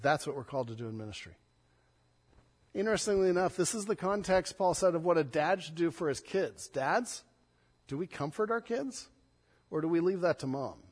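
A pastor preaching a sermon in a voice that sits a little high for a man. He leans hard on key words, then drops to a soft, hushed tone. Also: lively intonation, normal speed, breathy edge, big-room sound. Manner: swings between loud emphatic stress and soft, hushed passages.

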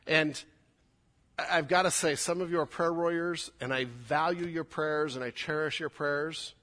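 A man's voice: a little high, normal speed, pushed and bright. A male pastor giving a sermon in a church, earnest and conversational, often repeating words for emphasis. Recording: long hall reverb.

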